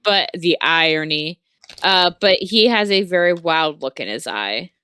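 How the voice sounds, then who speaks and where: A woman's voice: fairly low pitch, expressive, measured pace, sharp tone, clean tone, no room sound. A woman narrating a tabletop game as game master, rambling with many fillers and corrections.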